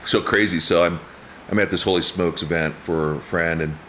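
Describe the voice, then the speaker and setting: In a casual chat, a guest in his fifties tells stories with animation, acting out quotes with big pitch jumps and laughing often. He speaks at a moderate pace, with slight background noise.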